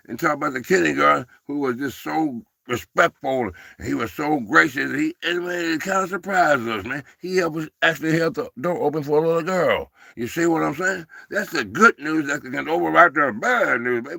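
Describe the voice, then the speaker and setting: Gravelly-voiced man hosting a casual livestream. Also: on the high side, sharp tone, dry recording, clean studio sound. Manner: rambling, folksy, calls listeners baby and man. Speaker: livestream host.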